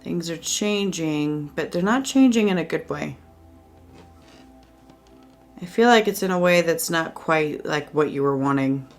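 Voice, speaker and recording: A woman's voice: low voice, lively intonation, unhurried, pauses often, soft background music. A woman giving a casual tarot reading at home, chatty and reassuring, with lots of fillers. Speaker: tarot reader. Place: indoors at home by a window.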